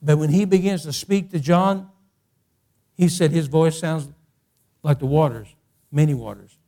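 A male pastor preaches a sermon in an unhurried voice on the high side. He often repeats and restarts phrases, building to loud, impassioned peaks.

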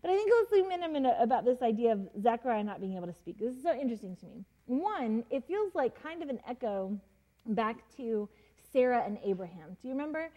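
A woman's voice: a little high, very animated, fast, warm tone, low-quality recording. A woman, a mother, teaching a Bible story in a casual, chatty way, full of fillers and acted-out quotes. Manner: chatty, many fillers, laughs often, acts out quotes.

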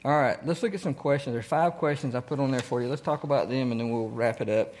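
A man's voice: medium pitch, fast talker, darkish tone, slight background noise. A man teaching a church Bible study, asking the group questions and repeating key phrases.

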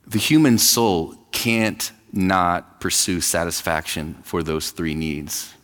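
A man's voice: sits low, slow, fairly bright tone, big-room sound. A man in his thirties, pastor of a church, preaching a conversational sermon and acting out quoted voices. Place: church sanctuary.

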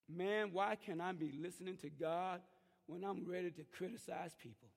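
High, gravelly fervent preacher man. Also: unhurried. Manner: fervent preaching with calls to the congregation. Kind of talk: sermon. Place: church. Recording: long church reverb.

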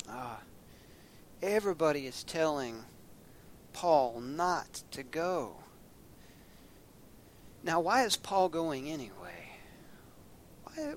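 Folksy preacher man. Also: on the high side. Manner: folksy storytelling, acts out scenes loudly. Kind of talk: sermon.

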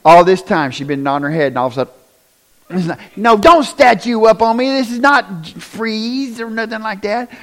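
High-pitched male preacher, conversational sermon, questions to the congregation, loud emphatic peaks. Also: lively intonation, moderate pace. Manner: asks the congregation questions often. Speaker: pastor.

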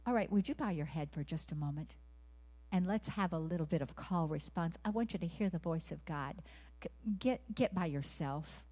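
A woman's fairly low, slightly rough voice carries a sermon for a women's gathering. Earnest questions to the listeners, call-and-response moments, and occasional hushed whispers mark her delivery.

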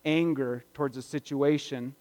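A man preaching a sermon as pastor, conversational and reflective, moving between louder stretches and hushed ones. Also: mid-range voice, fairly even intonation, normal speed. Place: church sanctuary. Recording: long reverb of a church hall.

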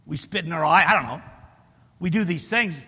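A man preaching a sermon to his congregation, animated and teasing, with bold declarations. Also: on the high side, moderate pace, slightly rough, in a large hall.

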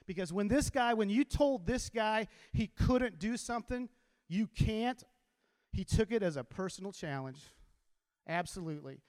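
A man, a teacher, giving an animated motivational talk to a live audience and telling stories to get the crowd involved. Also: high-pitched, moderate pace. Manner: animated storyteller who gets the crowd to repeat lines. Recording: long hall reverb.

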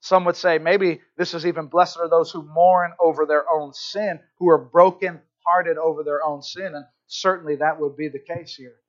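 Brief: male pastor, fairly high voice, conversational sermon delivery, slightly muffled recording. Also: fairly even intonation, moderate pace, hardly any pauses. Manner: earnest, conversational, frequent "right?" asides.

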